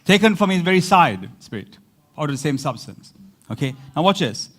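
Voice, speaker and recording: Animated high-voiced male pastor preaching. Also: fairly quick. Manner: animated, repetitive, laughing asides. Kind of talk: sermon.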